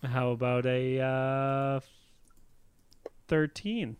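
A man's voice: mid-range voice, fairly even intonation, drawn-out words, smooth. A man playing in a tabletop role-playing game, talking casually and joking with upbeat remarks. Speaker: player.

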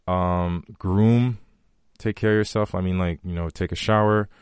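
Deep-voiced earnest male podcast host. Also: steady tone, normal speed, clear, resonant tone, dry recording, studio quality. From from a country with long power outages. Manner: earnest, heartfelt, repeats key phrases. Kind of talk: motivational podcast talk.

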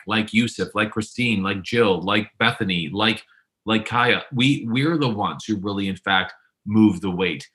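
Bright-voiced enthusiastic male host. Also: lowish voice. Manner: enthusiastic, repeats words. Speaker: podcast host. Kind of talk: interview hosting.

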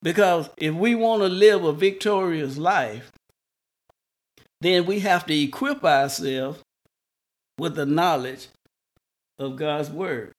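A man preaching a sermon, slow and repetitive, restarting words for emphasis. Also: on the high side.

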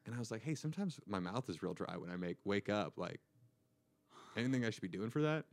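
A young man co-hosting a podcast, telling a story in a deadpan way and acting out the dialogue. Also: fairly low pitch, fast talker. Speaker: co-host. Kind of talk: casual storytelling chat.

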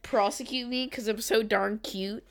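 A woman's voice: fairly high pitch, steady tone, measured pace. Brief: woman co-host, casual comedic banter, incredulous reactions, giggly. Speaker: podcast co-host.

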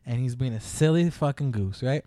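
A man casually telling a story on a podcast, animated and profane, laughing often. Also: mid-range voice, fairly quick, no echo, studio quality.

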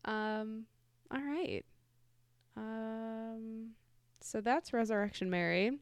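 A woman's voice: on the high side, steady tone, slow pace, smooth, dry recording. A woman co-hosting a casual podcast, reading ghost stories aloud in a chatty way, laughing easily and correcting herself. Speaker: podcast co-host.

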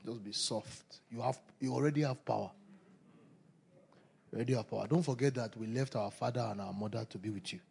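A man preaching a sermon, animated and repetitive, often breaking into laughter. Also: mid-range voice, brisk, gravelly. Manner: animated, laughing, repeats phrases.

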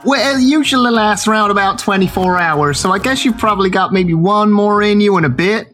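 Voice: mid-range voice, brisk, fairly bright tone, faint music behind. A player in a tabletop game, talking in a laid-back, casual way.

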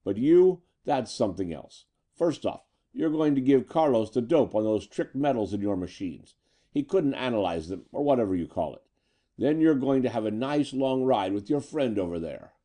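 A man's voice: mid-range voice, big pitch swings, moderate pace, mellow. A man doing a snarling gangster boss. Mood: snarling menace. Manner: rough tough-guy slang.

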